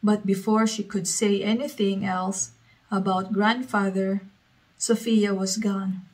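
Woman, storyteller, reading aloud, slow pace, medium pitch. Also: level tone, rough recording.

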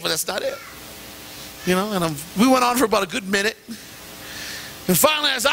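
A middle-aged male pastor preaching a sermon and telling animated, self-deprecating stories with sudden jumps in pitch. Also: quick pace, gravelly, pauses often, a little hiss or hum. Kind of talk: sermon with personal anecdote. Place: church sanctuary.

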